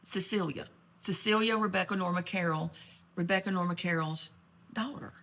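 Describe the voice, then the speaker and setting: A woman's voice: on the low side, normal speed, fairly bright tone. A woman telling a rambling, gossipy comedic story, full of asides and genteel sass. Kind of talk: comedic monologue in character.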